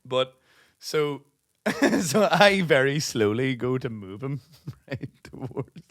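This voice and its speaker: A man's voice: mid-range voice, slow, fairly bright tone, dry recording, clean studio sound. A man of about thirty, a podcast co-host rambling through a funny story in casual chat, swearing and laughing as he talks. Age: 30s.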